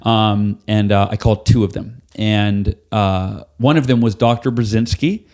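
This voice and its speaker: A man as a podcast guest, telling a personal story in an animated way, acting out what people said and swearing casually. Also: on the low side, a little slow. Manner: animated, acts out quoted dialogue, casual swearing. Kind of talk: storytelling in a conversational interview.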